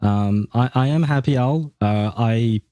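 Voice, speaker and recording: A man's voice: medium pitch, a little slow, mellow, clean tone, no room sound. A man live-streaming games, chatting casually with viewers in a rambling, hesitant way, full of fillers and chuckles. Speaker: game streamer.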